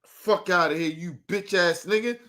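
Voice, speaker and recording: A man's voice: high voice, normal speed, bright, forceful tone. A young man on a livestream, ranting heatedly and profanely, repeating himself as he vents. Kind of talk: livestream rant.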